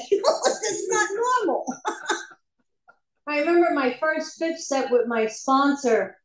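A woman's voice: high-pitched, expressive, measured pace. A woman giving a candid personal recovery testimony at a meeting, laughing often as she tells her story. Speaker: speaker sharing at a recovery meeting. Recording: echoey room.

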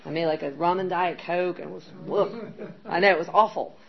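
Creaky and fairly low in pitch, a middle-aged woman speaks briskly as she candidly tells her recovery story as testimony. She rambles, using many fillers, on a dull lo-fi recording with faint background noise.

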